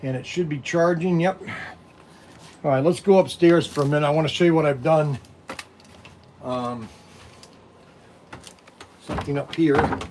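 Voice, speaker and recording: A man's voice: fairly high pitch, a little slow, pauses often, slight background noise. A man who runs a hobby shop, chatting casually and rambling to his viewers on a livestream, recorded on a phone set on a tripod. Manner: rambling, animated, talks to viewers directly.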